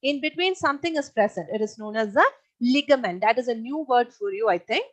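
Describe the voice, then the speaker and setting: A woman's voice: on the high side, lively intonation, brisk, dry recording, poor audio. Woman teacher repeating points. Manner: repeats points, asks pupils rhetorical questions. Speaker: online science teacher. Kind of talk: live online class teaching.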